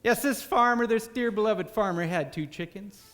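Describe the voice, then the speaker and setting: A man putting on the voice of a theatrical evangelist preacher, with a drawn-out preaching cadence. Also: high voice, fairly bright tone, big-room sound. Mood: grandiose. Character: pompous male evangelist preacher, booming and theatrical.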